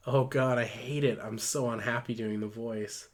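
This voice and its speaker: A man's voice: medium pitch, flat delivery, measured pace. Brief: tipsy, foul-mouthed man narrating a home live stream. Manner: rambling, profane, tipsy.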